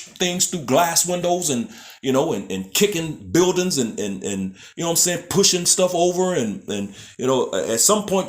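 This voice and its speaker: A man teaching scripture in a loose, casual way, often restarting his phrases and tagging them with "man" and "you know what I'm saying". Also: a little high. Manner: restarts and stumbles over words. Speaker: preacher. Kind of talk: street-style scripture teaching.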